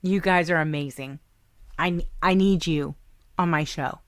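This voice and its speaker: A woman with a Southern American accent hosting a radio show, chatting warmly and gushing about the music with frequent laughs. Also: low-pitched, a little slow, no room sound. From Southern United States. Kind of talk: casual radio show chat.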